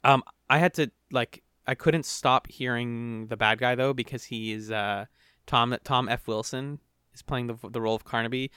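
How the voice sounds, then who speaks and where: A young man co-hosting a podcast, chatting casually and rambling through animated retellings. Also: mid-range voice, normal speed, smooth, no echo, clean studio sound. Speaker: podcast co-host. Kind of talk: casual chat.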